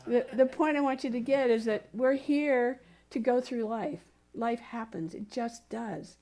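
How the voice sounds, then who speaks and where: Woman pastor kinda high voice, chatty sermon w personal stories, encouraging the congregation. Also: unhurried, mellow. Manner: conversational, telling personal stories. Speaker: minister. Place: spiritual community center service.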